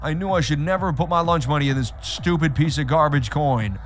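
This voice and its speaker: A man's voice: fairly high pitch, fairly quick, lightly acted. A man putting on a panicking small-time crypto trader, shrieking and frantic about a crash, over faint background music. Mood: panicked.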